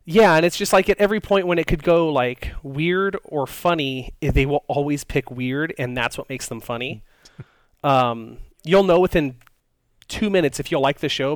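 A man's voice: mid-range voice, clear, resonant tone, no echo. A man co-hosting a podcast, chatting casually and rambling with many fillers and restarts. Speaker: podcast co-host. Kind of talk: casual chat.

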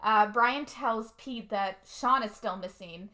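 A woman's voice: a little high, slow. A woman co-hosting a casual chat, retelling a movie plot with frequent laughter. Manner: laughs often, animated storytelling. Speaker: podcast co-host recapping a movie.

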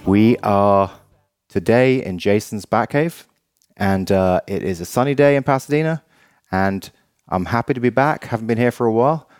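A man's voice: lowish voice, moderate pace, a little mellow, clean tone, dry recording, clean studio sound, soft background music. A man from England, his English accent faded, co-hosting a podcast and telling a rambling story with restarts. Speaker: podcast co-host. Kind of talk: casual chat.

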